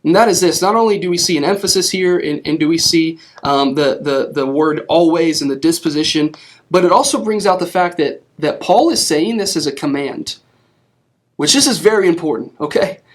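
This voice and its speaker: A man's voice: a little high, animated, fairly quick. A young man giving a casual sermon, conversational, with frequent restarts and many asides of "right?" to his listeners. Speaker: youth preacher.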